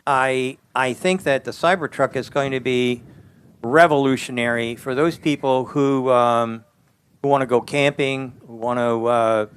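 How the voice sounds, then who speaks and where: An older man, an automotive engineering expert, giving blunt, folksy interview answers and getting animated when he tells a story. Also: medium pitch, a little slow, clear, resonant tone.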